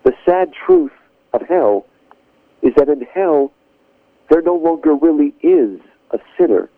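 A man's voice: on the high side, lively intonation, unhurried, creaky, no room sound. A man speaking as a guest on a radio interview, explaining ideas in an earnest, emphatic way. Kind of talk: radio interview, lecturing on literature and theology. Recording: phone-line call on radio, dry.

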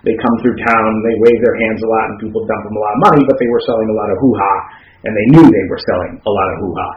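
A man's voice: on the low side, steady tone, rapid-fire. A man co-hosting a podcast, explaining ideas in a thoughtful, academic way with frequent restarts. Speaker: podcast co-host. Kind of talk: casual academic discussion. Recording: roomy, dull lo-fi sound.

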